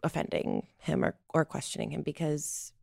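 A woman's voice: low voice, wildly swooping pitch, gravelly, darkish tone, no echo, studio quality, full character voice. An actress playing an anxious young woman who hesitates and restarts her sentences in an improvised comedy audio drama. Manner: hesitant, halting, nervous restarts.

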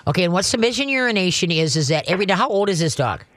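A man's voice: high-pitched, big pitch swings, very fast, fairly bright tone, slight background noise. Folksy Midwestern man hosting a radio show. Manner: folksy, rambling, with many restarts and fillers. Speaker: radio call-in host giving dog training advice. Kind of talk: casual call-in radio chat. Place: radio studio. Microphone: studio microphone.

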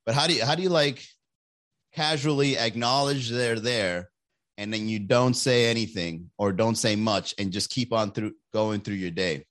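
A young man hosting a casual podcast livestream, rambling and joking, and slipping into quick put-on voices. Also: fairly low pitch, a bit bright. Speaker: podcast host.

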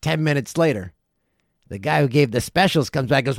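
Animated storytelling man in his forties. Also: mid-range voice, fairly quick, vocal fry, no echo, clean studio sound. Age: 40s. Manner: animated, profane, laughs through the telling. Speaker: podcast host. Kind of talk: casual storytelling.

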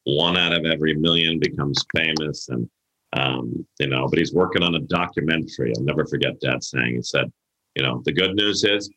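A man's voice: extremely low pitch, a little fast, sharp tone. A middle-aged man, an event planner, telling stories in a casual interview and acting out the voices of people he quotes. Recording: echoey room.

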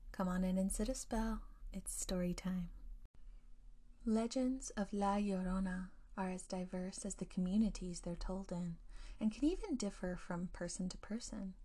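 A woman hosting a storytelling podcast, narrating a scripted ghost tale in a hushed, often near-whispered delivery. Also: mid-range voice, moderate pace.

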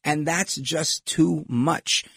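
A man's voice: on the high side, steady tone, extremely slow, vocal fry, a bit bright, slightly rough, dry recording, clean studio sound. A middle-aged man hosting a talk show, giving rambling, opinionated political commentary with lots of digressions.

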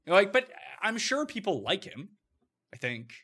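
A man from eastern Canada co-hosting a podcast, chatting casually in quick banter with restarts. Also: high voice, big pitch swings, bright, forceful tone, slightly rough. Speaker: podcast co-host. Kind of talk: casual chat.

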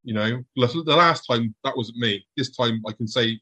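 A middle-aged man telling a tense personal story to an audience, acting out his past thoughts in a hushed voice. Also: medium pitch, a little fast, husky, poor audio.

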